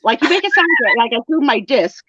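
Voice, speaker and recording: A woman hosting a live sale show, chatting on a video call in a playful, animated way, teasing her guests and acting out their lines. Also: a little high, brisk, no room sound. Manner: animated, playful roasting, acts out what others say. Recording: dull lo-fi call audio.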